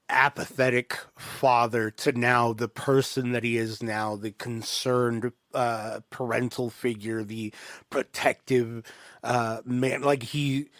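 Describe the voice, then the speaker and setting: A man co-hosting a casual podcast chat, talking in a halting way with many pauses. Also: mid-range voice, fairly bright tone, no echo. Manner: slow, halting, gives short agreements. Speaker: podcast co-host.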